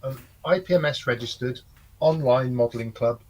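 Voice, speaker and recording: A man's voice: medium pitch, normal speed, rough recording. A man co-hosting a casual live stream, teasing his co-hosts with dry banter. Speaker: co-host.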